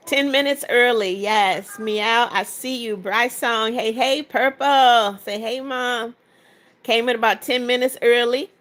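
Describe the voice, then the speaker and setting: A woman hosting a live stream, talking casually and warmly with her viewers. Her voice sits a little high, and she reads out comments and welcomes people by name. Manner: chatty and affectionate, greets viewers by name. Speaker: livestream host. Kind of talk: casual livestream chat reading comments aloud.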